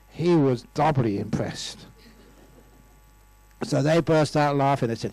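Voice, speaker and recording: With a mid-range, darkish voice, an unhurried monk in his sixties leaves long pauses as he tells stories, doing playful voices and laughing through a humorous dharma talk. He is in a lecture room. The recording is rough but has no echo.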